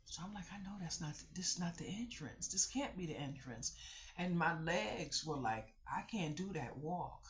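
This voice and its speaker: A vlogger telling a personal story in a casual storytelling vlog, chatty and animated, talking straight to viewers and repeating the same catchphrase. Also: mid-range voice, normal speed. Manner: animated storyteller, repeats "I kid you not", acts out others' voices; chatty, addresses viewers directly. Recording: dull lo-fi recording.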